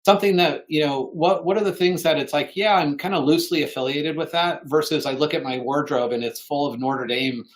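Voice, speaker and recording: A man co-presenting a fundraising webinar, talking earnestly and clearing his throat now and then. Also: fairly high pitch, brisk, few pauses.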